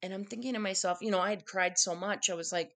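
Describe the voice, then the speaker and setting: A woman's voice: medium pitch, steady tone, fast, fairly bright tone. A woman candidly telling an emotional personal story in conversation, acting out the quotes of what people said. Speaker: guest telling her story.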